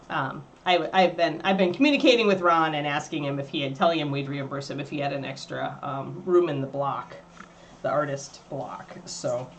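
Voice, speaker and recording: A woman hosting a livestream, chatting casually and rambling while she paints miniatures. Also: slight background noise. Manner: rambling and chatty, baby-talking to her dog in a high voice.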